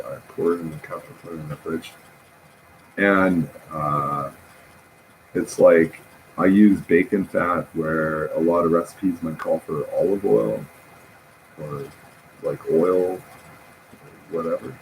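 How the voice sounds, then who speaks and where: Man, deep voice, unhurried, rambling chatter, faint background hiss. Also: low-quality recording. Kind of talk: rambling casual monologue.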